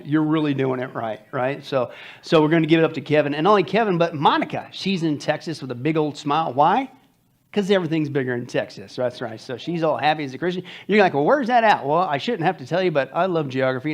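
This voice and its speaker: Male pastor, rapid delivery, jokey announcements, church sanctuary. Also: fairly high pitch. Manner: joking, upbeat announcer turning to hushed prayer.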